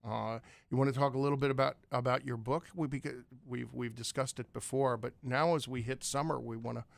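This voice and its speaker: A man's voice: mid-range voice, steady tone, fairly quick, vocal fry, no echo. An American man hosting a radio studio interview, chatting casually and rambling with self-deprecating asides. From United States. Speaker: radio show host. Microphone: studio microphone.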